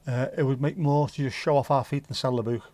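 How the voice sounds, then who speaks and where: A man's voice: medium pitch, steady tone, quick pace, warm tone, no echo. Cheeky man with a mild Scouse accent. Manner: cheeky, joking, rambling. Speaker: livestream host. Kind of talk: casual livestream chat.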